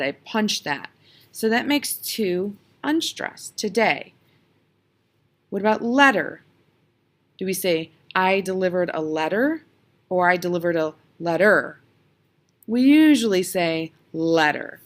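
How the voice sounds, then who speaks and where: A woman teaching a lesson on video, patiently explaining step by step and sounding out spoken examples. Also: fairly low pitch.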